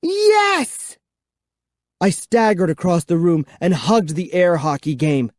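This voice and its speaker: A man reading a children's horror book aloud in first person, with a measured, suspenseful delivery. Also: fairly high pitch, expressive, a little mellow, dry recording, clean studio sound. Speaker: audiobook narrator. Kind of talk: scripted first-person narration.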